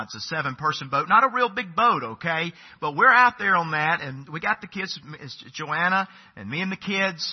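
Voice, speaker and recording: A middle-aged man preaching, his voice a little high and husky. He tells a story in a folksy, conversational way, calling his listeners folks. The recording sounds dull and lo-fi. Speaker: pastor. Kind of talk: sermon storytelling.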